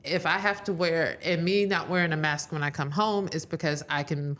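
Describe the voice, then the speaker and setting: Female podcast co-host, frank and expressive, argues back in a casual debate. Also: low voice, moderate pace.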